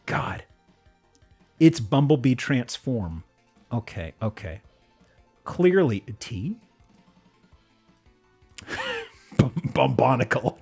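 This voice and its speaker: Male streamer, unhurried and excitable, giggles a lot, very expressive pitch. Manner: giggly and excitable, breaks into laughs and restarts. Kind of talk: casual live-stream commentary.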